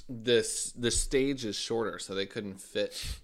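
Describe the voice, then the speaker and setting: A man's voice: on the low side, slow. A man in casual chat recapping a show, opinionated and jokey.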